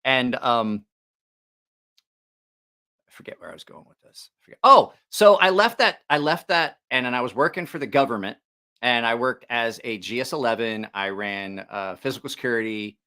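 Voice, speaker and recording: Man hosting a knife channel, lively swooping pitch, bright forceful voice, profane casual storytelling. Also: moderate pace. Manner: profane, animated anecdote-telling with laughs.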